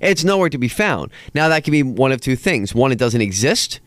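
Man, podcast host, casual storytelling, smooth clear voice, dry close sound. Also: medium pitch, very animated, fairly quick, no room sound. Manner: storytelling, hesitant with fillers. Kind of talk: casual chat, reading a transcript aloud.

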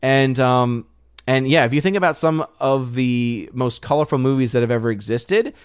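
A man's voice: medium pitch, normal speed, smooth, dry recording, studio quality. A man hosting his channel, chatting casually and reading viewer comments on a live stream, loose and full of fillers and restarts. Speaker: channel host.

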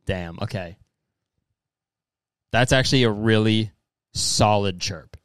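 A man's voice: fairly low pitch, takes it slowly, a bit bright, no room sound. A young man hosting casual comedic commentary, reading messages aloud and riffing on them in a profane, rambling way, often putting on mocking voices. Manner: profane, rambling, says "dude" constantly; mocking, slips into exaggerated quoted voices.

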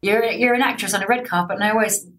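Woman interviewer, chatty and excitable, sits back from the mic. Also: mid-range voice, racing, far from the mic. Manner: chatty, excitable, swears casually. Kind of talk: casual interview chat.

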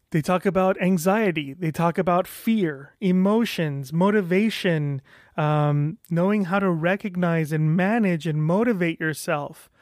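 A man's voice: a little high, no room sound, clean studio sound. A man casually describing his own experience, rambling with frequent restarts and frank, sometimes profane language. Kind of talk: casual talk to camera.

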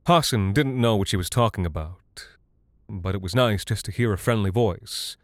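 Low-voiced man narrating a dark tale. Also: normal speed, no echo, studio quality. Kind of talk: scripted literary narration.

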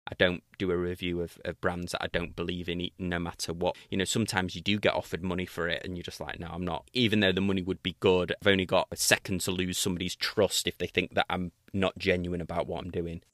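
Bright-voiced British man hosting a chat. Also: deep voice, flat delivery, fast talker, few pauses, dry recording, clean studio sound. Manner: earnest, thoughtful, with small restarts. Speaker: podcast host, watch reviewer. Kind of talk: casual podcast conversation.

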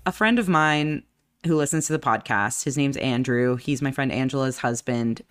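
A young woman with a low voice co-hosts a casual podcast. She teases her friend and tells stories with playful, animated energy. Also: moderate pace, clear, resonant tone. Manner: teasing, joking, animated storyteller. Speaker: podcast co-host. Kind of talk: casual chat.

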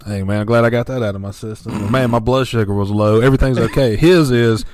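A man's voice: medium pitch, fast talker, a little mellow, no echo. A man chatting casually on a podcast, laid-back and telling stories with frequent laughs. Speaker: podcast host. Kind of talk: casual chat.

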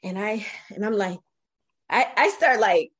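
A woman in her forties, a podcast interview guest, telling her own life story in an animated, emotional way with frequent restarts. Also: mid-range voice, unhurried, breathy edge, lo-fi sound.

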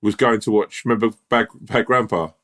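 A man's voice: fairly low pitch, fairly quick, fairly bright tone. A man co-hosting a podcast, telling stories in a casual chat. He laughs often and acts out bits of dialogue. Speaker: podcast co-host.

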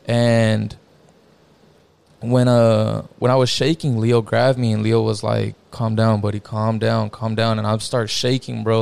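A man's voice: lowish voice, creaky, darkish tone. A young man casually telling a personal story as a guest, slangy and profane, filling his talk with "bro" and "like".

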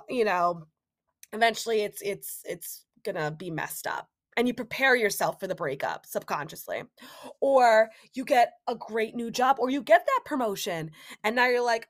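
A woman's voice: on the high side, lively intonation, moderate pace, a bit bright. A young adult woman hosting a solo podcast, talking casually and animatedly, acting out inner voices and quoted remarks. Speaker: podcast host.

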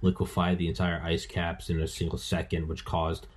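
A man in his thirties with a low, husky voice, hosting a loose podcast conversation. He gets worked up fast, swears freely, and trips over repeated words as he rambles from one idea to the next. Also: completely flat delivery. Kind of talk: casual podcast chat.

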